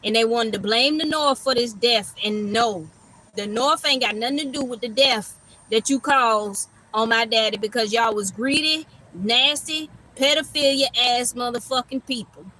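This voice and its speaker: A woman's voice: a little high, moderate pace, pushed and bright, poor audio. A woman giving a casual livestream tarot reading, rambling and profane, laughing as she tells stories. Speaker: tarot reader.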